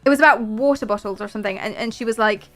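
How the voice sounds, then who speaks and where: A young woman streamer chatting casually and excitedly to her viewers, gushing and answering chat. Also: medium pitch, racing, soft background music.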